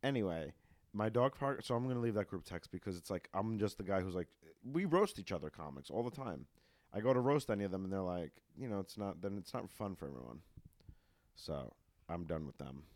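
A man from New York with a lowish voice chats casually as a comedian, blunt and animated, laughing through his stories. The sound is dry and close. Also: brisk, no echo. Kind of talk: casual chat.

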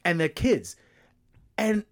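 Lively Englishman telling stories. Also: high-pitched. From England. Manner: animated storytelling, quick and expressive. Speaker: podcast guest. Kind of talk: casual chat.

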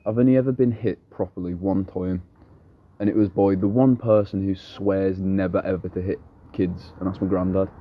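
A man's voice: sits low, steady tone, moderate pace, breathy edge, highs cut off. A young man in casual chat, blunt, swearing freely and rambling through stories.

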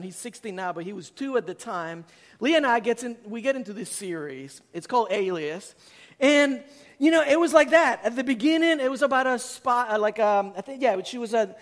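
A man in his forties, a pastor giving a sermon, who tells stories in a lively way and acts out his own reactions. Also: extremely high pitch.

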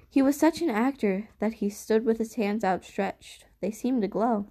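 A woman's voice: fairly high pitch, darkish tone. A woman voicing an enthusiastic uncle who loves the stars, telling his stories with eager wonder. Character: enthusiastic stargazing uncle, adult man.

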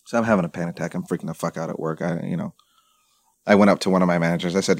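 A man's voice: deep voice, fairly even intonation, quick pace, vocal fry, dry recording. A young man hosting a podcast, telling a long personal story in casual chat and swearing freely. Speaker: podcast host.

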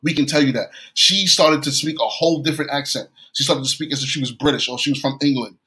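A man's voice: medium pitch, quick pace, pushed and bright, poor audio. A man from New York preaching a sermon, telling a story and often repeating and restarting his phrases.

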